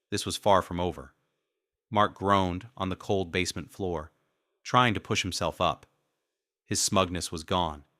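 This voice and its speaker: Slow deep-voiced male narrator. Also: sharp tone, no room sound, studio quality. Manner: cold menacing. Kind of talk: scripted first-person story narration.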